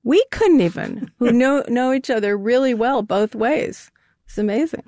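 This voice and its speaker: A woman's voice: on the high side, normal speed, dark tone, no echo, clean studio sound. An older woman, a guest in an interview, talking in a casual, chatty way. She rambles a little and laughs often. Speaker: guest, co-founder of an anonymous artist collective.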